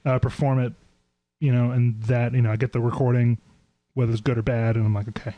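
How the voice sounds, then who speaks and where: A man's voice: mid-range voice, flat delivery, no echo, lo-fi sound. A man co-hosting a podcast, a composer chatting casually and joking around. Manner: joking, quick wordplay. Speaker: podcast co-host, music composer. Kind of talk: casual chat.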